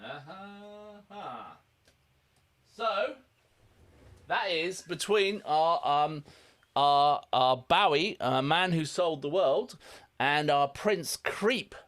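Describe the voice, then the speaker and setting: A man with an English accent co-hosting a music reaction show, chatting and joking in a casual, animated way. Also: on the high side, drawn-out words. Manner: animated, self-deprecating, chatty. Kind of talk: casual banter.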